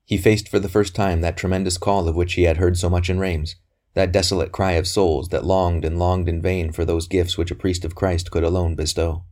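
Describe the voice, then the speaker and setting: A deep-voiced man narrates a novel aloud, steady and measured. His delivery is even and unhurried, carrying the story along. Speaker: audiobook narrator.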